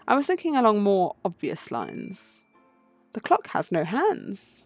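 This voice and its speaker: A woman voicing a composed male bird attorney who questions witnesses in a measured way, reading a game aloud. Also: medium pitch, wildly swooping pitch, dry recording, faint music behind, exaggerated voice. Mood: probing. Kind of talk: game playthrough read-aloud.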